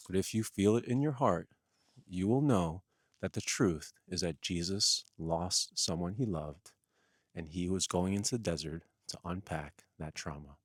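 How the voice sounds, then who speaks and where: A man delivers an earnest spiritual teaching in a low, unhurried voice. He piles up repeated phrases for emphasis. The sound is close and dry. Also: dry recording. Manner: earnest, repetitive, emphatic listing.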